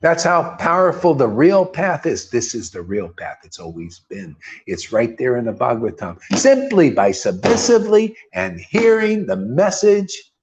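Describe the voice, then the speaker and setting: A slightly high, somewhat mellow male voice belongs to a spiritual teacher preaching informally to a small group. He's emphatic and casual, tossing in blunt, mocking asides and swearing, and he keeps calling his listeners "man."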